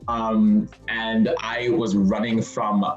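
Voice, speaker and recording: Speaking at a slow pace, a young adult university student on a panel recounts a funny story in a casual, animated way, imitating its characters in a high pitch. The sound is roomy with the highs cut off, and faint music plays behind him.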